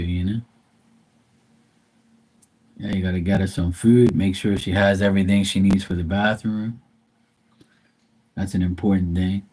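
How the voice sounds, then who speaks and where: A man's voice: on the low side, warm tone, husky. A man hosting a live stream, chatting casually with viewers in a blunt, profane, rambling way. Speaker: livestream host.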